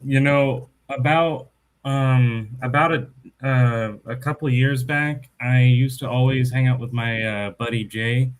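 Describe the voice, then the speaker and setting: A man's voice: mid-range voice, fairly even intonation, unhurried, poor audio. A man co-hosting a livestream, chatting casually and joking with the panel. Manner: casual, joking, runs the vote. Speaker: livestream co-host. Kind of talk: casual online chat.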